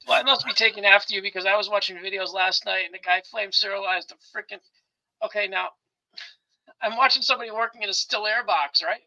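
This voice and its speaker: Co-host, male, quick gravelly talker, bright tone, dull lo-fi audio. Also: high voice. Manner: excitable storyteller, laughs often, animated ranting. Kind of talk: casual chat.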